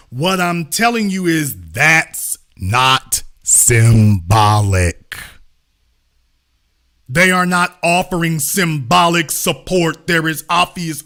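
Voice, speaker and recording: A man's voice: sits high, bright, forceful tone. A middle-aged man hosting a live-streamed commentary monologue, emphatic and repetitive with a preacher-like cadence and casual swearing. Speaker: host.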